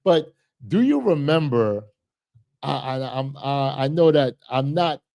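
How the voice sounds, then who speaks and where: A man's voice: medium pitch, animated, takes it slowly, vocal fry, mellow, no room sound, lo-fi sound. A man hosting a casual livestream, reading comments aloud and rambling with repeated words and laughs. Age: 30s. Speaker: livestream host.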